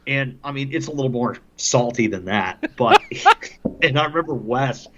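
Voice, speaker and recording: A man's voice: mid-range voice, expressive, moderate pace, lo-fi sound, background noise. A man, a hockey broadcaster on a podcast, telling casual stories and laughing often as he talks. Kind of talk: casual storytelling.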